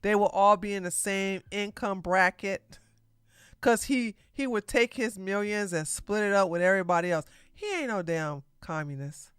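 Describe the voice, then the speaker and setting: A woman's voice: medium pitch, moderate pace, clear, resonant tone, dry recording, studio quality. A woman hosting a political news livestream, blunt and sarcastic, talking straight to her chat. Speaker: podcast host.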